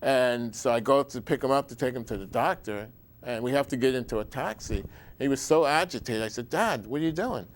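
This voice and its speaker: A man's voice: medium pitch, fairly quick. A middle-aged man hosting a show, talking in a rambling, digressive monologue with folksy asides and frequent restarts.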